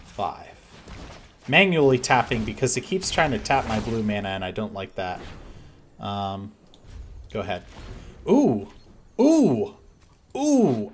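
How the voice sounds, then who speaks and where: A man with a middle-pitched voice thinks aloud at an unhurried pace while commentating his own card game. He mutters through his plays, then bursts out loud and exasperated whenever a move goes wrong.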